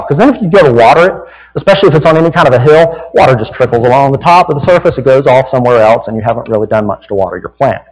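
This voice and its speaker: A man's voice: medium pitch, darkish tone, long reverb tail, poor audio. A man with a Southern American accent preaching a sermon as a pastor, in a folksy, conversational way that keeps checking in with "right?".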